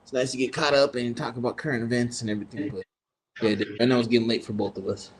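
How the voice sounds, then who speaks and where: A man's voice: mid-range voice, fast, a crowd in the background. A man on a casual podcast telling a family story, cursing freely and acting out the voices of his relatives. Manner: profane, animated, slips into voices of relatives. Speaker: podcast co-host.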